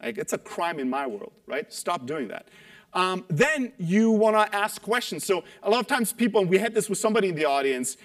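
A man giving an energetic talk on sales calls to an audience, acting out quoted voices and tagging points with "right?". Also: high voice, a little fast. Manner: animated, acts out quoted voices, rhetorical "right?". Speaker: sales coach speaker.

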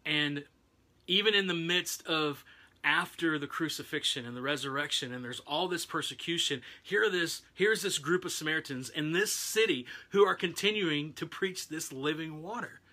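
Casual preacher, conversational, bright and forward tone. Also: male voice, a little high, normal speed. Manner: loose and conversational, with restarts. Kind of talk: casual sermon retelling a Bible story.

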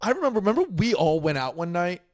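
A man's voice: high voice, big pitch swings, fast talker, no room sound. A young man hosting a podcast, chatting casually in a laid-back way, chuckling often and using lots of fillers. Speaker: podcast host.

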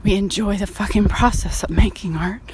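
A woman's voice: medium pitch, normal speed, darkish tone, slight background noise. A woman painter talking frankly while walking outdoors, sighing and swearing casually, a bit out of breath. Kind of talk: casual vlog monologue.

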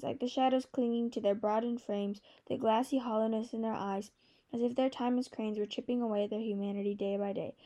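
A woman narrates a novel in a measured, storytelling manner. Her voice sits a little high yet sounds mellow and soft. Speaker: audiobook narrator. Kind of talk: scripted narration.

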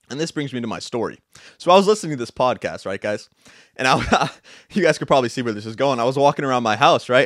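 A young man hosting a podcast, giving an intense, profane motivational monologue with bursts of shouting. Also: fairly high pitch, dry recording, studio quality. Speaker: podcast host. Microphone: two cameras, podcast mic.

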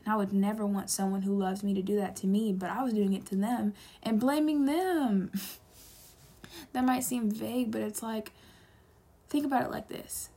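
A woman's voice: medium pitch, normal speed, dark tone, slightly rough. A young woman speaking to camera in an earnest, pleading confessional monologue, with strong repeated emphasis and sometimes dropping to a whisper. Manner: drops to a whisper at times.

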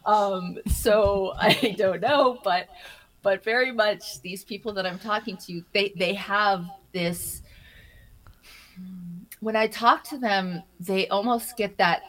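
A woman being interviewed, telling stories in an animated way, often laughing and repeating her first words as she starts a thought. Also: medium pitch, poor audio. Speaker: interview guest. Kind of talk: casual interview conversation.

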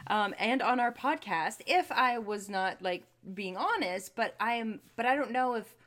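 A woman's voice: a little high, measured pace. A woman co-hosting a live podcast, chatting in a dramatic, joking way. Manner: expressive, jokey, dramatic. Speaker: podcast co-host.

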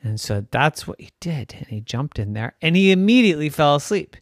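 A man spins an improvised bedtime story in a playful, animated way. His voice sits a little high and swings widely in pitch. The recording is close and dry. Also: fairly quick, no room sound.

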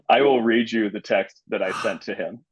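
Husky-voiced man telling a story. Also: fairly low pitch, a little slow, dry recording. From Illinois, US. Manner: animated, acts out quoted voices. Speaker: podcast guest. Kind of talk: casual storytelling chat. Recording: slightly muffled, dry recording.

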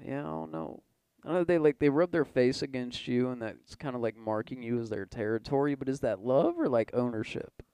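A man's voice: mid-range voice, a little fast, dark tone, clear, resonant tone, no echo. A young man co-hosting a podcast, chatting casually in a loose, profane way full of fillers. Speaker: podcast co-host. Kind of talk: casual chat.

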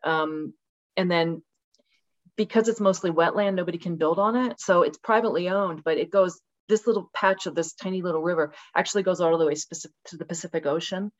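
A woman in her sixties, a podcast guest on a video call from her rural home with dogs, tells stories in a casual interview. Her voice is lowish and brisk, and she speaks with passion, animatedly acting out quotes with drama. The recording sounds muffled.

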